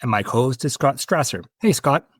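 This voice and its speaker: A man hosting a casual sports podcast, talking in a relaxed, hesitant way with fillers and restarts. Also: medium pitch, brisk, slightly rough, dry recording, clean studio sound. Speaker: podcast host.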